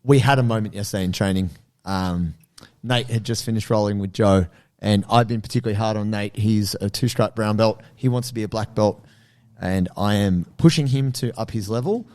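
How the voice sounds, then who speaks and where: Animated podcast co-host, storyteller. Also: male voice, on the low side, a little fast. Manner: animated storyteller acting out his own reactions. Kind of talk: casual podcast chat.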